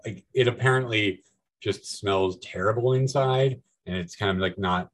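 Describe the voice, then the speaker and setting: A man's voice: fairly low pitch, moderate pace, poor audio. A man who is a guest on a podcast, talking loosely about films with many fillers. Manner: loose, rambling, filler-heavy. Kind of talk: casual film discussion.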